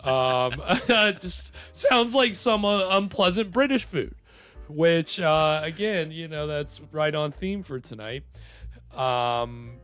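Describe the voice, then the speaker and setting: A man's voice: fairly high pitch, slow pace, fairly bright tone, smooth, dry recording, soft background music. A man hosting a livestream, chatting casually and rambling with lots of fillers. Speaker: livestream host. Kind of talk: casual chat.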